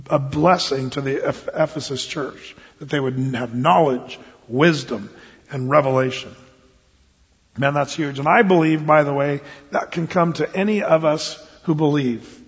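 A man's voice: fairly high pitch, slightly rough. A man preaching a sermon as a pastor, in a folksy, self-deprecating, conversational way. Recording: dull lo-fi, long hall reverb.

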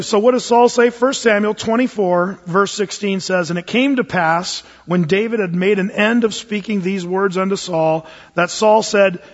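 A male pastor telling a Bible story in a lively sermon, acting out the voices of its figures. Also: high-pitched, moderate pace. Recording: dull lo-fi recording in a reverberant hall.

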